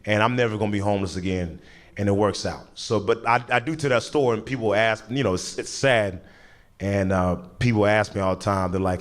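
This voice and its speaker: A man's voice: on the low side, brisk. A young man doing stand-up comedy, telling stories in a loose, conversational way and laughing often. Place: comedy stage with audience.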